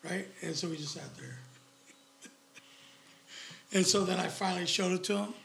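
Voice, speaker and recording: A middle-aged man with a heavily gravelly, husky voice tells a story in casual chat. He speaks bluntly and swears freely. His voice sits a little high for a man. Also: normal speed. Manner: profane, blunt, animated retelling.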